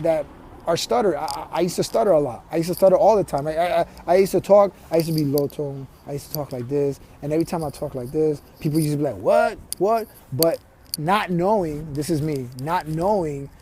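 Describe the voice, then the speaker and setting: Man, life coach, motivational vlog talk, somewhat high voice, mellow tone, earnest, repeats words. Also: slight background noise. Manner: earnest, talks straight to viewers; restarts and repeats words often.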